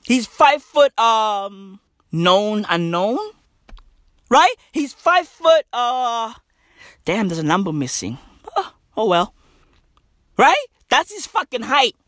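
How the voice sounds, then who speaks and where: Woman, comedic rant, swearing and slang, lively rising and falling voice, dry close sound. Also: on the high side, slow pace, long pauses, no echo. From South Africa. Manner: profane, slangy, repeats "right?" and "bruv".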